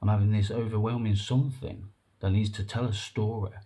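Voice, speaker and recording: Man, vlogger, mellow warm tone; earnest, rambling, halting delivery. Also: lowish voice, steady tone. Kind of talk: emotional personal monologue to camera.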